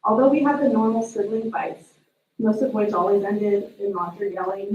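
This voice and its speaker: A woman speaking as a sister at a memorial, telling family stories in an animated way. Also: medium pitch, moderate pace. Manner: storytelling, animated retelling of family moments. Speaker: sister giving a eulogy. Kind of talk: memorial eulogy with family anecdotes. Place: memorial service room. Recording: distant echoey room mic, dull sound.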